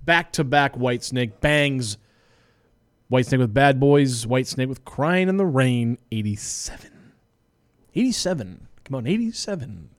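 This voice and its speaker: A man's voice: mid-range voice, moderate pace. A man hosting a metal radio show from a basement studio, rambling casually, laughing often and swearing freely into a studio microphone. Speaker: radio host.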